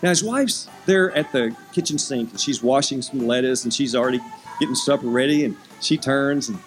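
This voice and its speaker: A man's voice: mid-range voice, fairly quick, soft background music, rough recording. A man preaching a sermon, telling a story and acting out the characters' voices while he asks the listeners questions.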